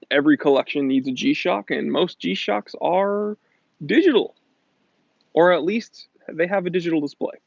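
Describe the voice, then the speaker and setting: Brief: man in his thirties from New England, a bit high-pitched, gravelly, hosts a joking live chat, dry and dull lo-fi sound. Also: no room sound. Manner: chatty and joking, reads out viewer comments. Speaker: livestream host answering chat questions.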